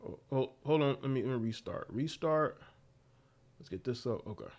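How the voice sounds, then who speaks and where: A man's voice: medium pitch, animated, normal speed, darkish tone. A man hosting a live stream, talking in loose, repetitive slang. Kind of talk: casual commentary.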